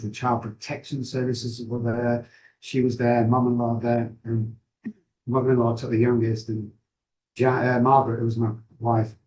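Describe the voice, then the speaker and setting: A middle-aged man, speaking as an interview guest. He tells a personal story candidly, with frequent pauses and restarts. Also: medium pitch, a little mellow, poor audio. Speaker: guest, addiction recovery expert.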